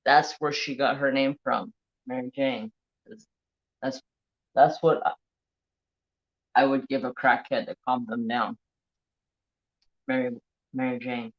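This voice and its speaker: A man chats on a homemade crafting livestream, wandering from one salty story to the next as he greets people in the chat. His voice sits at a middling pitch. It comes through a dull, lo-fi phone recording. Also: flat delivery, unhurried, long pauses. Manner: rambling, salty storytelling while reading live chat. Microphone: handheld phone.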